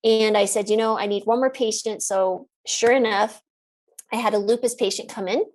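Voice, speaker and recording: Animated, laughing middle-aged woman storyteller. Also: fairly high pitch, moderate pace. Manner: animated, laughs often, acts out quotes. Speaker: physician guest. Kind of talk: casual interview storytelling.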